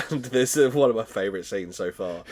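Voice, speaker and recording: A man's voice: lowish voice, lively intonation, brisk. A British man in his twenties, co-hosting a podcast and chattily recapping a TV episode, laughing often as he tells stories. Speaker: podcast co-host. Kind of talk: casual chat recapping a TV episode.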